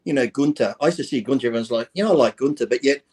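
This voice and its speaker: A man's voice: medium pitch, racing, darkish tone, husky. Blunt, swearing man. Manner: blunt and profane, speaks his mind. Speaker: podcast guest. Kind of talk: casual podcast chat.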